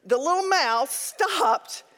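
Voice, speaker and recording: A woman with a high voice leads a Bible study, weaving funny personal anecdotes into her teaching. Her voice rings with a long reverb, as if spoken in a large hall. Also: slow. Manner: lively, humorous anecdotes.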